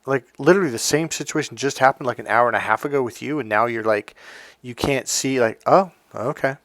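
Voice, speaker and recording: A man's voice: mid-range voice, fast, fairly bright tone, no room sound. A man coaching on relationships, talking candidly in a casual monologue and acting out what other people said to him.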